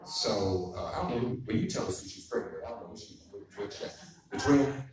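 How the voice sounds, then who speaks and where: A man's voice: fairly low pitch, fast, a crowd in the background. A man moderating a public conversation, telling stories in a folksy, joking way and speaking straight to the audience. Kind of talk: storytelling and introducing a guest. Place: courthouse event hall. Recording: echoey hall, far from the mic, noisy.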